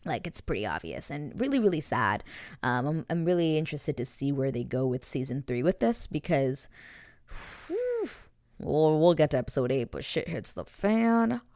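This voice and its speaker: A woman with a low, deep-set voice chats eagerly about a TV episode she loved. She gushes freely and leans on fillers. The sound is close and dry, with no room around it. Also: big pitch swings, normal speed, a little mellow, no echo. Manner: chatty, gushing, frequent fillers. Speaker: TV episode recap vlogger. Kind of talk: casual chat.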